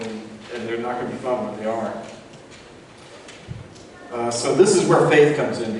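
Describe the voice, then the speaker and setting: A man preaching a sermon in a church, talking in a conversational way with many asides to the congregation. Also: a little hiss or hum. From Florida. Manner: conversational, rises in pitch when acting out voices in a story. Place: church sanctuary. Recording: echoey church hall from far off.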